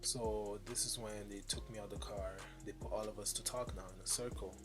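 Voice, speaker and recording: A young man telling an animated, slang-heavy story time. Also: lowish voice, brisk, loud music behind the voice. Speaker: vlogger.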